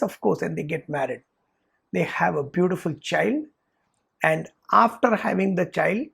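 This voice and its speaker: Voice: mid-range voice, creaky, breathy edge. A Vedanta teacher, retelling a story in a lecture and briefly voicing the characters in quotes.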